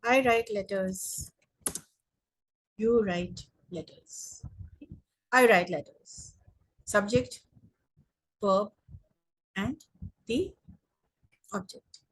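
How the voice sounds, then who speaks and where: This is a young Indian woman leading an online English grammar class at medium pitch. She speaks slowly and says words and sentences again for emphasis.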